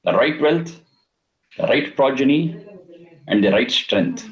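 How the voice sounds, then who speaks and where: In a low-quality recording, a very animated man with a medium-pitched voice teaches scripture as a Vedic teacher. He takes Sanskrit words slowly and deliberately, explaining them and repeating and chanting each term.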